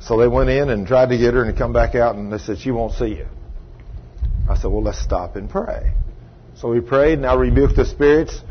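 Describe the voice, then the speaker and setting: A man's voice: medium pitch, normal speed, a little hiss or hum. A middle-aged man preaching a sermon as a story, folksy in tone and rising to emphatic outbursts. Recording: dull lo-fi recording.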